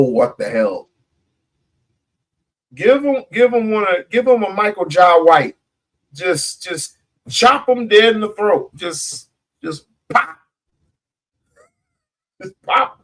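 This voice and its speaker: A man's voice: high voice, takes it slowly. A man in a casual group chat, joking and acting out what others might say. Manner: animated, joking, acts out quotes. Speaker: panelist.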